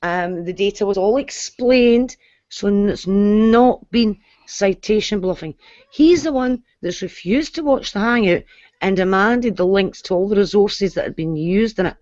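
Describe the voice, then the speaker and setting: A woman's voice: medium pitch, a little slow, darkish tone, no room sound. A woman in a casual online group chat, speaking firmly and indignantly. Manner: indignant, firm. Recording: dry, dull lo-fi web call audio.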